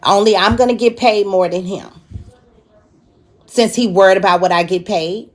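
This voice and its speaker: A woman hosting a live stream, confrontational and profane as she issues warnings, stretching out words for emphasis. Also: medium pitch. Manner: drawn-out emphatic delivery.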